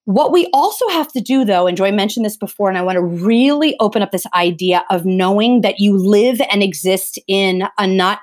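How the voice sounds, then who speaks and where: A woman's voice: mid-range voice, darkish tone. A middle-aged woman talking earnestly in a conversation, emphatic and often restarting her phrases. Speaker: theatre vocal coach.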